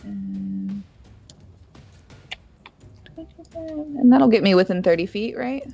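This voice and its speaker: A woman's voice: fairly high pitch, sing-song, slow pace, gravelly, dark tone, no echo, faint music behind. A woman playing a tabletop game, chatting, laughing and thinking aloud about the rules. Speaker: player. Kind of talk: casual play at a gaming table. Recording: dull lo-fi sound.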